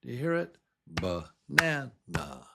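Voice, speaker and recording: A man teaching English, slowly repeating words and stressing their syllables. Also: fairly low pitch, very animated. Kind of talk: slow pronunciation drill. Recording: noisy background hiss.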